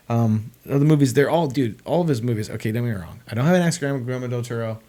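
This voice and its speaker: A young man on a livestream, talking loosely and excitably. He rambles and stacks filler words as he goes, and his pitch sits in an ordinary middle range. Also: fast, hardly any pauses. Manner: rambling, excitable, lots of "like" and "dude". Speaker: streamer. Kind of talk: casual livestream chat.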